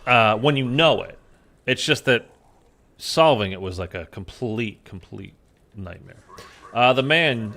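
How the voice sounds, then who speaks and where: A man's voice: medium pitch, lively intonation, unhurried, vocal fry, pauses often, pushed and bright. A man giving casual, rambling commentary while playing a video game, full of fillers. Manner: rambling, filler-heavy, chatty. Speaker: gaming YouTuber.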